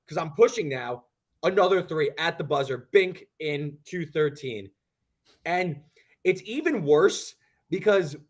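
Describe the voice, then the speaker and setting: A young man co-hosting a sports betting show, telling a long story in an animated, rambling way. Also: fairly high pitch. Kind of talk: casual podcast chat.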